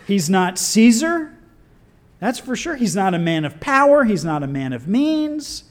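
A man preaching a sermon in an animated, conversational way with wry asides. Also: high voice, a little slow.

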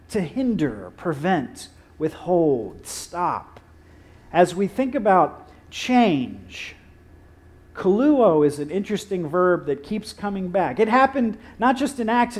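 Guy preaching a sermon, really lively up and down voice, acts out the quotes. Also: on the high side. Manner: animated storytelling with acted-out quotes and dramatic pauses. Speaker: pastor.

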